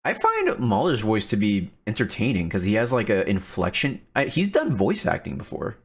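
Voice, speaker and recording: A man hosting a casual commentary stream, animated and quick to laugh. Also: on the low side, slightly rough. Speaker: stream host.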